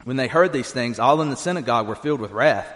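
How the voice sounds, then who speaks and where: A man's voice: mid-range voice, lively intonation, fast talker, a bit bright. Guy reading scripture then preaching, earnest and plain, trips over his words a bit, echoey hall. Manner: earnest, plain-spoken, restarts often. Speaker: pastor.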